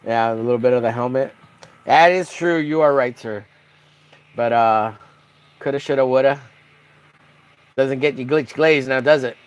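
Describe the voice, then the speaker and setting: A man's voice: mid-range voice, normal speed, long pauses, clear, resonant tone. A young man chatting on a casual painting livestream, rambling and joking crudely while reading the chat aloud.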